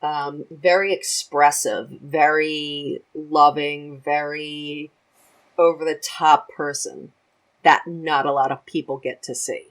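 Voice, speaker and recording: A chatty woman with a notably low voice talks casually as a podcast guest. She is animated and laughs easily as she goes. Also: slow, poor audio. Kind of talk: casual chat.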